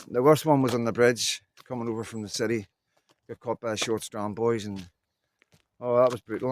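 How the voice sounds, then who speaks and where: A man's voice: medium pitch, a little hiss or hum. A middle-aged man, rambling casually in an unscripted vlog and leaning on fillers. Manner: rambling, loose talk full of "you know what I mean" fillers. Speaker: vlogger.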